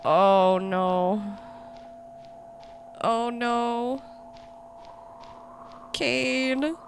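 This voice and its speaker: A sick young woman with the sniffles giving casual reaction commentary, jumpy and excitable, swearing, yelping and whispering when scared. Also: medium pitch, unhurried, slight background noise. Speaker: YouTuber reacting to a horror series.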